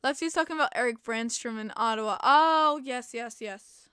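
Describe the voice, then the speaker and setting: A woman's voice: fairly high pitch, fairly quick, fairly bright tone, clear, resonant tone, no echo, studio quality. A young woman hosting a casual hockey podcast stream, chatty and opinionated, answering chat and sounding tired. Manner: chatty, opinionated fan reading chat comments. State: tired, yawning. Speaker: podcast host.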